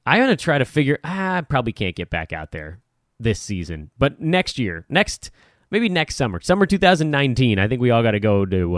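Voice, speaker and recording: A man's voice: on the low side, no echo, clean studio sound. A middle-aged man hosting a casual sports podcast, rambling and self-deprecating as he chats. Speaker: podcast host.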